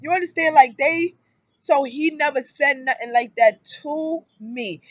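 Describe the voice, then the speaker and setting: A woman in her thirties talking casually to camera about her relationship, in an animated storytelling manner that jumps up loud for emphasis. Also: high voice, unhurried, no room sound, highs cut off. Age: 30s. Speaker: spiritual vlogger. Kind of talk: casual personal monologue.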